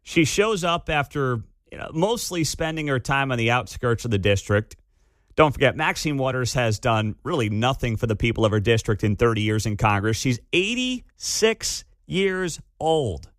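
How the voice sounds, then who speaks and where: Male radio host, sarcastic, lively pitch, dry close studio mic. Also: normal speed, no room sound. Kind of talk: talk radio commentary. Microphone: studio microphone.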